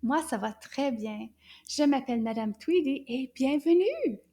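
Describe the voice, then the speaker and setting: High, breathy woman teaching children. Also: normal speed. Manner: animated and exaggerated, gasping with delight, dropping into soft half-whispered asides; switches between French and English, coaxing listeners to repeat. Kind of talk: children's language lesson.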